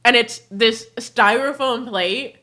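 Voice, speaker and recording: A young adult woman hosting a livestream, telling family stories in a casual, animated way and laughing often mid-sentence. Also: fairly high pitch, slow. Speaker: livestream host. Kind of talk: casual storytelling chat.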